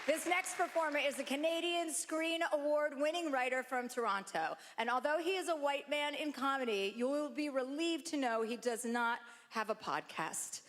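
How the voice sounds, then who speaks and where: A woman hosting a comedy show, introducing the next act with brisk, wry delivery. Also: sits high, fairly bright tone, big-room sound, a faint crowd.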